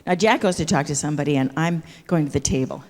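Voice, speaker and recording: An older stage performer with a deep voice talks fast as she tells a funny story in an auditorium, miming the gestures and repeatedly asking "see?" Long reverb fills the echoey space.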